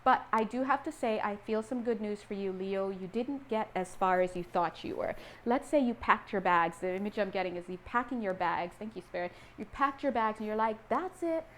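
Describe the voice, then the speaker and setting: A woman giving a casual tarot reading, animated and playful, acting out little scenes and laughing often. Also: medium pitch, a little fast, a little hiss or hum. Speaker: tarot reader.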